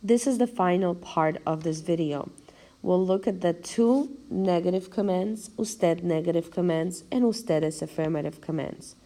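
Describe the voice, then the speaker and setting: This recorded lecture features a female language teacher whose voice is warm and fairly low. She takes her time, breaking words into syllables and explaining each step with care.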